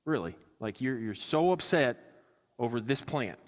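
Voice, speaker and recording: In a church sanctuary with a big-room sound, a pastor delivers a sermon conversationally, sarcastically acting out the lines he quotes. His voice sits at medium pitch with lively intonation and an unhurried pace.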